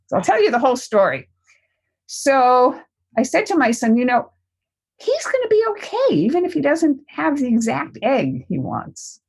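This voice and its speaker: A woman's voice: high-pitched, huge pitch swings, moderate pace, slightly rough. An older woman, a parenting expert, answering interview questions and telling a family story, acting out the voices she quotes.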